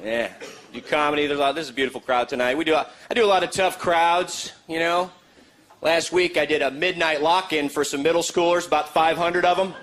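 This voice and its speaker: A man performing a stand-up comedy set, animated and putting on voices for the people he quotes. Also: a little high, brisk. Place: comedy venue before a live audience. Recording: live show with crowd laughter and noise.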